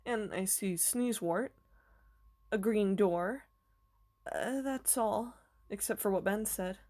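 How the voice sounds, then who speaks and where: A woman reading aloud voices a puzzled young boy who speaks in a halting way. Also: mid-range voice, a little mellow, close to an everyday voice.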